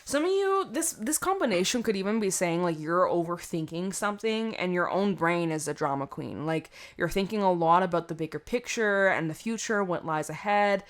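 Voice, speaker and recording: A woman's voice: on the low side, expressive, normal speed, hardly any pauses. A woman giving a casual tarot reading to camera, chatty and rambling, often laughing at herself. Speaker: tarot reader.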